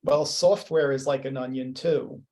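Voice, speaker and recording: Mellow-voiced man with joking asides. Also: medium pitch, steady tone, unhurried. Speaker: study group participant. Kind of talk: casual group discussion.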